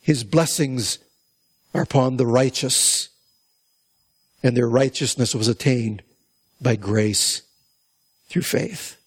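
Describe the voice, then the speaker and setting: A man's voice: mid-range voice, slow, long pauses, husky. A man preaching a conversational Bible-teaching sermon, reading verses and asking the listeners questions. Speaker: pastor.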